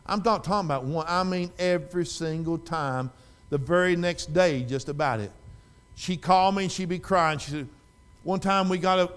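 A middle-aged man preaching a sermon in a church, folksy, swinging from loud fervent exhortation to quiet storytelling. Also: a little high, smooth. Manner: folksy, repeats and restarts phrases.

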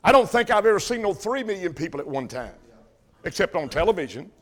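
A man's voice: high voice, sing-song, fast, a bit bright. An older man preaching a folksy sermon, calling questions out to his congregation.

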